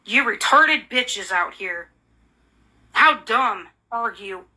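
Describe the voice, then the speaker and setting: A woman's voice: fairly high pitch, animated, slow, sharp tone. A woman in an angry, profane rant, hurling repeated insults and accusations. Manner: furious, profane, repetitive insults; bitter, accusing.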